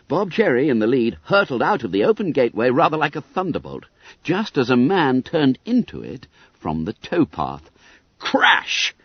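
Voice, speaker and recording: A man narrating an audiobook in an expressive, lively storytelling manner. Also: mid-range voice, husky, no room sound. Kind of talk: scripted narration. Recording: dull, dry audiobook recording.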